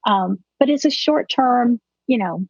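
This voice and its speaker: A woman's voice: on the high side, expressive, measured pace, dry recording. A middle-aged woman psychologist explaining as a guest in an interview, using everyday analogies. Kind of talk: conversational interview. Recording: dull, slightly muffled audio.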